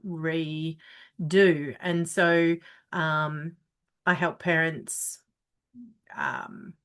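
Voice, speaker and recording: A woman's voice: low-pitched, lively intonation, very slow, a bit bright, clear, resonant tone. A woman therapist introducing herself on a video call, talking frankly with many fillers and casual swearing. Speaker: parenting therapist and ambassador.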